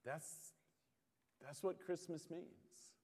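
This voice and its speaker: A male pastor delivers a sermon at an unhurried pace. His measured phrasing leaves long dramatic pauses between thoughts. His voice carries a long reverb from a large church sanctuary. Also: fairly high pitch, mellow, breathy edge.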